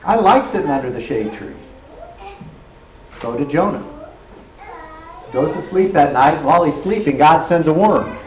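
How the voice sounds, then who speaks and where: A man's voice: a little high, lively intonation, normal speed, long pauses. Earnest male preacher in an echoey hall. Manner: earnest, checks in with listeners. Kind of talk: sermon. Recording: roomy hall echo, faint noise.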